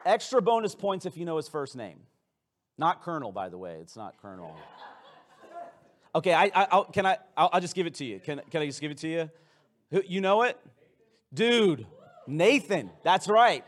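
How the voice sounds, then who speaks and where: High-voiced man preaching a playful sermon. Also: sing-song, moderate pace, pauses often. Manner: playful, conversational, frequent restarts. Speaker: pastor. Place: church sanctuary with congregation.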